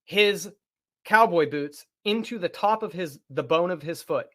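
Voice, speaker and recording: This podcast co-host is a man whose voice sits high, and he speaks a little slowly. He's spinning a long personal story in relaxed conversation, lively and full of swearing.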